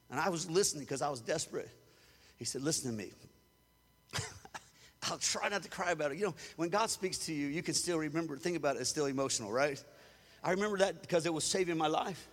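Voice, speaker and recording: A man's voice: on the high side, in a large hall. A man from Louisiana, preaching a sermon as a storyteller who acts out the quotes and chuckles often. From Louisiana, USA. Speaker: pastor.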